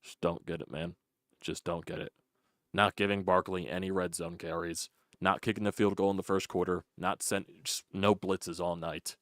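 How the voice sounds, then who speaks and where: A man's voice: sits low, level tone, normal speed, a bit bright, no room sound, clean studio sound. A man hosting a casual fan call-in sports show, frustrated and profane, repeating himself as he talks. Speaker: sports podcast host.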